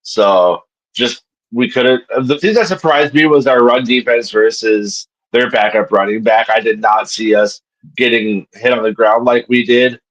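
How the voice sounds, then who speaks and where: A man co-hosting a football podcast, calmly going over what went wrong in a game. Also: mid-range voice, a little slow, low-quality recording. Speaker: podcast co-host. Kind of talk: casual sports podcast chat.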